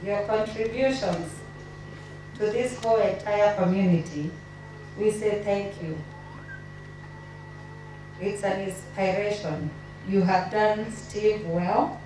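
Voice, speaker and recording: A woman reading tributes at a memorial service, her delivery emotional, halting and tearful. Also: mid-range voice. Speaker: family member giving a eulogy. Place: memorial gathering in a large hall. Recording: echoey hall from far off, faint noise.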